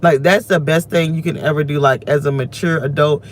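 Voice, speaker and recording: A woman in her thirties vlogs from her car, venting and reflecting aloud in a rambling, emotional rant to the camera. Her voice sits low with fairly even intonation and a fairly quick pace, with a little hiss or hum.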